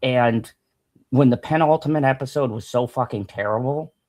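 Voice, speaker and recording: A man co-hosting a casual review podcast, talking fast and animated, swearing freely and laughing often. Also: medium pitch. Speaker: podcast co-host.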